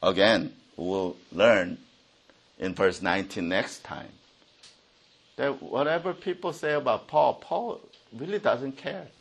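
A man preaching a sermon, reading scripture aloud and explaining it, rising for the readings and dropping low for his asides. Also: slow pace, vocal fry, husky. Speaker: pastor.

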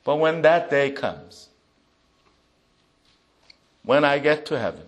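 A man preaching a sermon as a pastor, reading scripture aloud with emphasis and swinging between loud proclamation and soft asides. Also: fairly high pitch, very animated, takes it slowly, long pauses.

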